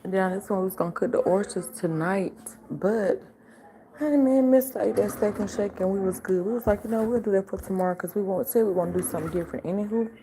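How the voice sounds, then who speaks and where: An older woman chats with her viewers on a late-night livestream from home, sassy and talking straight to them. She sounds sleepy and yawns now and then. Her voice is gravelly, at a middle pitch. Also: steady tone, fast talker, hardly any pauses, mellow, a little hiss or hum, poor audio. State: sleepy, yawning. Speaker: livestream host.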